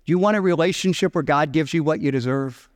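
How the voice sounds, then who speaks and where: A middle-aged pastor preaching a sermon in a slightly high-pitched male voice. He tells the story in an animated way, acting out the characters' voices. The sound carries the long reverb of a church sanctuary. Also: fast talker.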